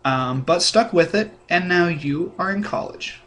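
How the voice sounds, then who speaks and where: Deadpan rambling young man. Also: high voice, measured pace. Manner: deadpan, rambling with many ums. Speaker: comedic vlogger. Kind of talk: deadpan mock-sincere video letter.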